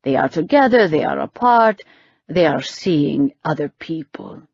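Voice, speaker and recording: A woman voicing a calm young adult man, dry and matter-of-fact. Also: sits low, a little slow, vocal fry, no room sound, muffled recording, exaggerated voice.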